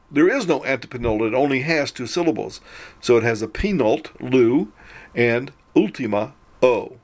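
Measured man teaching Greek grammar. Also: medium pitch. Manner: measured, explanatory, slows to spell out syllables. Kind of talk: recorded grammar lecture.

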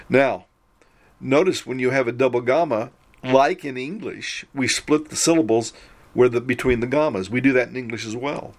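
A man teaching a recorded Greek grammar lesson, explaining in a measured way and slowing down to spell out syllables. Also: mid-range voice.

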